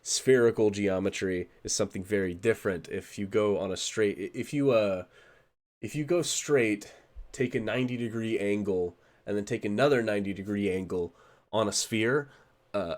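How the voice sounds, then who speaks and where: A man's voice: fairly low pitch, normal speed. A man streaming a reaction to a video, with casual commentary full of sarcastic asides and frequent laughter.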